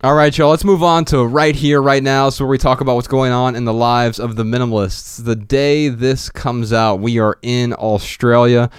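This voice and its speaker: A man's voice: mid-range voice, steady tone, normal speed, few pauses, smooth, no room sound, clean studio sound. A man hosting a podcast, joking casually and reading out announcements in an upbeat way. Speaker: podcast host.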